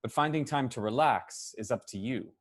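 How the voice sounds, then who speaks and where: A man voicing a calm, caring woman ship's doctor in an amateur audio drama reading, speaking in a gentle, conversational way. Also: medium pitch, normal speed, lightly acted.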